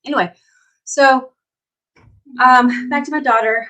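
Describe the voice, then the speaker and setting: A woman's voice: high-pitched, fairly even intonation, measured pace, pushed and bright, low-quality recording. Chatty middle-aged woman telling a story. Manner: chatty, tells stories, asks "right?". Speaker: hypnotherapist and nutrition coach. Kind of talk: casual livestream talk. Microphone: phone or webcam.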